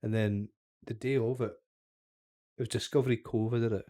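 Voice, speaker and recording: A man's voice: medium pitch, fairly even intonation, brisk, warm tone, no room sound, studio quality. A young man, a podcast co-host, chatting casually and telling a long, sweary anecdote with acted-out quotes. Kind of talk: casual chat, storytelling.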